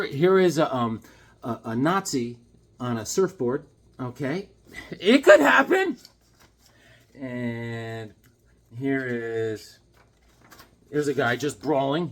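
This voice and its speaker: A man casually showing off his sketches and comics in an excitable, rambling, jokey way. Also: mid-range voice, slow. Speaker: comic book vlogger. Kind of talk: casual show-and-tell vlog.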